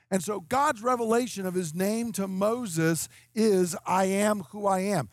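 A man's voice: high voice, a little slow, few pauses, no room sound, studio quality. A man in his fifties preaching an expository sermon, explaining scripture emphatically and checking in with the listeners. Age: 50s.

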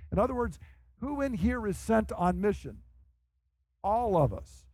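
High-voiced man preaching a sermon. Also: a little mellow, no room sound, poor audio. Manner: earnest, emphatic preaching with restarts. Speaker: pastor. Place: church.

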